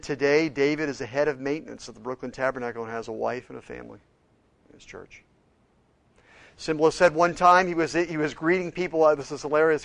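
A man preaching a sermon, retelling stories of changed lives with quoted dialogue and shifts between hushed and emphatic moments. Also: fairly high pitch, no room sound. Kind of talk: sermon storytelling.

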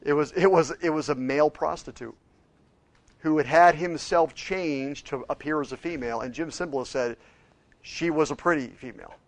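A man preaching a sermon, retelling stories of changed lives with quoted dialogue and shifts between hushed and emphatic moments. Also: fairly high pitch, normal speed, no room sound. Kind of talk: sermon storytelling.

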